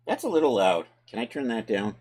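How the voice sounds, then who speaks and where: A man hosting a live tutorial stream, talking casually to his chat as he works through steps and thinks aloud. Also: medium pitch. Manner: relaxed, chatty, talks to chat while working. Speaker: livestream host and 3D software tutor.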